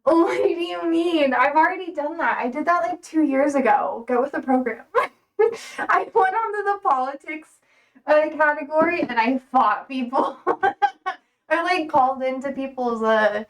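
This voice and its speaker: A woman's voice: high-pitched, lively intonation, moderate pace, distant mic. A young woman livestreaming, chatting casually with viewers, rambling with lots of fillers and frequent laughter.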